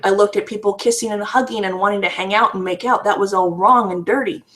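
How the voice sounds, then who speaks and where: A woman's voice: medium pitch, steady tone, fast talker, a bit bright. A woman giving candid personal testimony in a vlog, earnest and raw, often restarting and repeating her words. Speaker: vlogger sharing a personal story.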